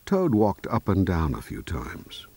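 A man reads a children's story aloud, taking his time and letting his pitch rise and fall widely. His voice is a little husky and on the low side, and the recording is dry and close. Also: no room sound. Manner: slow, clear, expressive reading aloud.

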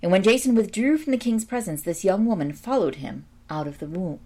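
A woman reading a storybook aloud at a steady pace, now and then stumbling and correcting herself. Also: mid-range voice, brisk. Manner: steady reading with small slips and self-corrections. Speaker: storybook reader.

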